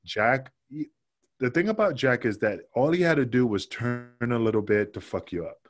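A man's voice: mid-range voice, lively intonation, moderate pace. A man, a former pro wrestler, telling loose, profane stories with lots of fillers as a guest on a casual podcast interview.

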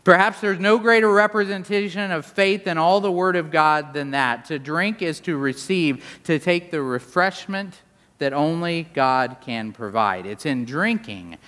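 Male pastor, fairly high voice, animated sermon delivery, long reverb of a big sanctuary. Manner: animated preaching with wide swings in pitch and volume. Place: large church sanctuary.

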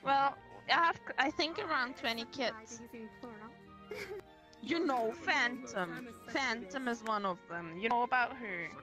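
Woman player, somewhat high voice, easygoing chat, soft background music. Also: takes it slowly, poor audio. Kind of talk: casual chat.

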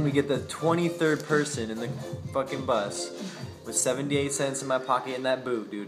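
Young man from Boise, mid-pitch, casual rambling storyteller, slangy and profane, music underneath. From Boise, Idaho. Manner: slangy and profane, loose run-on sentences. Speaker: vlogger telling a personal story.

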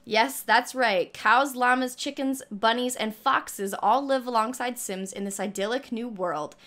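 Gushing and squealing with excitement, a young gaming YouTuber reacts to a trailer and reads it aloud. Her voice is on the high side, her pace measured, and she sounds a little out of breath.

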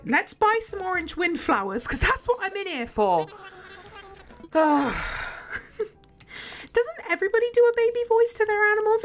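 A young woman streams a game from her bedroom, her voice sitting high with a fairly bright tone. She's chatty and giggly, talking casually and to herself as she plays.

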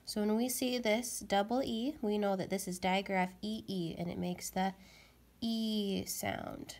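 A young adult woman teaching a phonics lesson to young children, speaking clearly and encouragingly. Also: medium pitch, little pitch movement, moderate pace, a little mellow.

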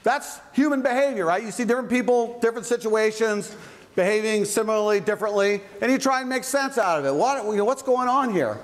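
A man's voice: sits high, fairly quick. A man lecturing as a university psychology professor, talking in a conversational, playful way with frequent asides. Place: large lecture hall. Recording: echoey lecture hall.

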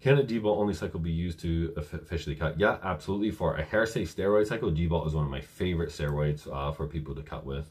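A man's voice: sits low, fast, hardly any pauses, a little mellow. A young man coaching viewers through a live-stream Q&A at home, reading chat questions aloud and answering casually with many fillers. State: briefly out of breath.

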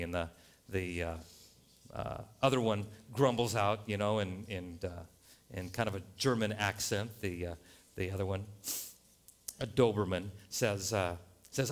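A male pastor preaching a sermon in a church, animated and joking, jumping to loud punchlines. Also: mid-range voice, normal speed. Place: church sanctuary.

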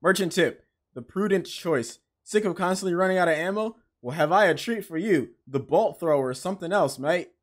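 A man giving casual let's-play commentary, excitable, swearing and reading game text aloud. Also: sits high, moderate pace, few pauses. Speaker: gaming channel host.

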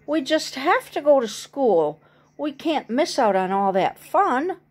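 A woman voicing an eager young male turkey in a picture-book reading, excited and a little higher than her reading voice. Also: takes it slowly, exaggerated voice. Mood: determined. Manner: excited, gobbles loudly.

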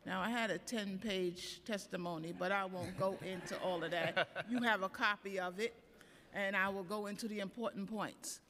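Woman testifying at a council hearing, bright and emphatic, big echoey chamber. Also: medium pitch, moderate pace, slight background noise. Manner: earnest, emphatic, reads prepared points. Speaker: union president testifying. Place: council chambers at city hall. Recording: council chamber, long reverb.

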